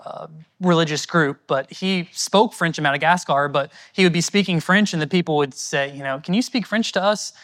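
A man's voice: fairly high pitch, fairly bright tone. A man from the United States, a missionary answering audience questions at a church in an earnest, conversational and thankful way.

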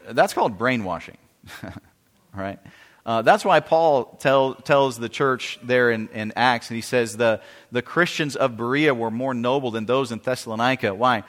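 A man's voice: mid-range voice, normal speed, fairly bright tone. A man preaching a sermon in an earnest way, often restarting phrases and asking the congregation questions. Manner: earnest, repetitive, asks the audience questions. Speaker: pastor. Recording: long hall reverb.

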